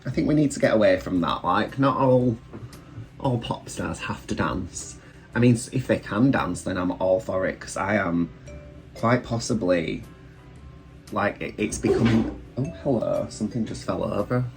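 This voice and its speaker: A deep-voiced British man rambles cheerfully through his makeup routine, teasing himself along the way. Faint background music plays beneath his relaxed chat at home. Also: normal speed. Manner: chatty, rambling, self-deprecating. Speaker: drag queen vlogger. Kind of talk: casual get-ready-with-me chat while doing makeup. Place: room at home.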